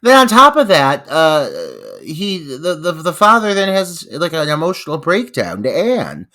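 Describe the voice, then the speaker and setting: Man, bright lively voice, exasperated profane ranting, podcast co-host. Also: fairly high pitch, measured pace. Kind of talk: casual movie recap chat.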